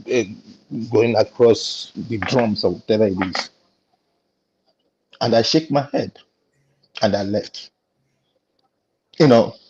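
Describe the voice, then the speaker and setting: A man's voice: lowish voice, darkish tone, husky, muffled recording. A Nigerian man talking with indignation on a discussion panel, telling a story and acting out the dialogue. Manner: indignant, tells stories with quoted dialogue. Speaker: panel guest.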